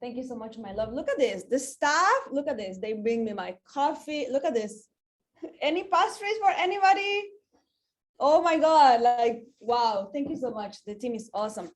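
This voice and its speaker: Slightly high-voiced woman in her 40s, sales manager doing a heartfelt motivational story, says like a lot. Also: animated, normal speed, few pauses. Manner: emotional, earnest, says "like" often.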